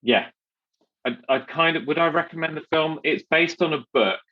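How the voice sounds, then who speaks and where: A man hosting a podcast in relaxed, rambling chat, often restarting his sentences. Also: a little high, normal speed, phone-quality sound. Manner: chatty, rambling with many restarts and fillers. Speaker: podcast host.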